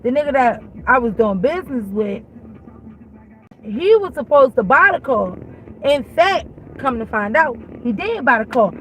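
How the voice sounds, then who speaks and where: A woman's voice: high voice, very animated, moderate pace, rough recording. A woman telling a heated, profane storytime rant while in her car, repeating herself. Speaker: vlogger. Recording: car noise behind voice.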